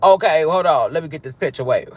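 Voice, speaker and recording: High-voiced profane livestream host. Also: male voice, lively intonation, quick pace. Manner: profane, swings between loud greetings and low mutters. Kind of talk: casual livestream roll call.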